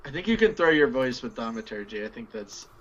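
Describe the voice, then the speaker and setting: A man's voice: medium pitch, big pitch swings, a little fast, muffled recording. A man playing a tabletop role-playing game, joking with the others at the table. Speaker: player. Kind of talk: casual tabletop play.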